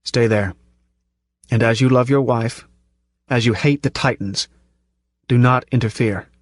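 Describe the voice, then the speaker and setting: A man voicing a grizzled older man who speaks softly but firmly. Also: medium pitch, unhurried, no echo, lightly acted. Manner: soft-spoken, firm commands. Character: grizzled old man, calm and firm.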